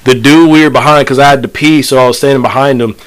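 A man co-hosting a casual podcast chat, telling profane stories in an animated way. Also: mid-range voice, fast talker, clear, resonant tone, rough recording. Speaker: podcast co-host.

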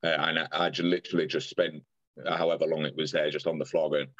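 A young man speaks in a very deep, low voice, retelling his story earnestly and in close detail, often restarting and acting out what people said. The sound is dry and close, with a slightly dull, lo-fi quality. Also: flat delivery, fast, fairly bright tone, no room sound. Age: young adult. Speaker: podcast guest. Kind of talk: personal storytelling in conversation.

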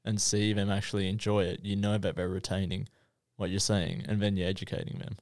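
A man in a casual podcast chat, explaining his thoughts in a reflective, measured way. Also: low-pitched, flat delivery, darkish tone, no room sound, studio quality. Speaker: podcast co-host or med student.

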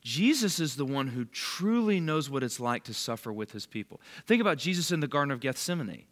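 A man teaching a small group in a relaxed, chatty sermon, his pitch swinging up and down with animated emphasis. He keeps checking in with listeners and calls on them by name. His voice sits at an ordinary middle pitch. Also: brisk. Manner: conversational, quizzes listeners by name. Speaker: bible study leader.

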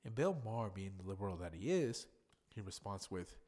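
A man's voice: sits low, very animated, brisk, darkish tone. A tipsy man hosting a podcast in a blunt, profane, ranting monologue. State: tipsy from drinking. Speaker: podcast host.

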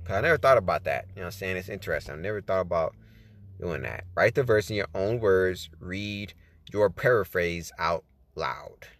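A man's voice: deep voice, animated, moderate pace, a bit bright. A man hosting a podcast, talking casually about Bible study and often saying "you know what I'm saying.". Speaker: podcast host. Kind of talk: casual faith talk, reading tips.

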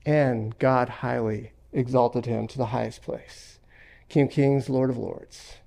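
Gravelly-voiced man preaching. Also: medium pitch, fairly even intonation, a little slow, warm tone. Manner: emphatic preaching with repeated phrases and personal stories. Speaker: pastor. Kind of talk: sermon. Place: church sanctuary.

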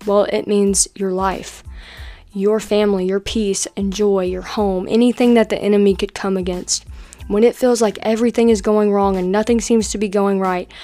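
A woman hosting a faith podcast, talking in an energetic, encouraging, conversational way. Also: medium pitch, normal speed, faint music behind. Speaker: podcast host.

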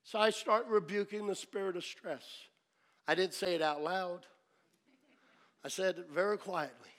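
A man preaching a sermon as pastor, telling a story dramatically, dropping to a hush and then rising to shouts. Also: high voice, a little slow, long pauses.

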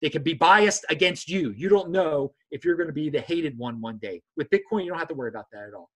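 A man hosting a casual chat, talking in an animated way and mocking others in a high voice. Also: quick pace, slightly rough. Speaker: host.

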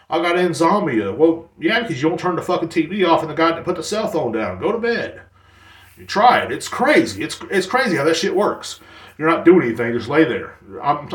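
A man hosting a podcast, ranting casually in a rambling, profane way with many restarts. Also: medium pitch. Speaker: podcast host. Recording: roomy sound, distant from mic.

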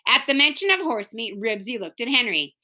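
A woman reading a children's chapter book aloud with expressive storytelling. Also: on the high side, fairly quick. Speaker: reader.

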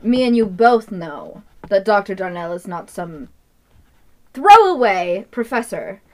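A woman voicing a gruff, impatient male dwarf doctor who talks curtly and brushes people off. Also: mid-range voice, big pitch swings, a little slow, darkish tone. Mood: loud. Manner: curt and impatient.

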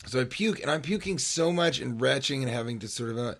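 A man's voice: on the high side, fast, hardly any pauses. A man hosting a podcast, casually telling a comic story and acting out the sounds and voices in it. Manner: animated, acts out sounds and voices. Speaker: podcast host.

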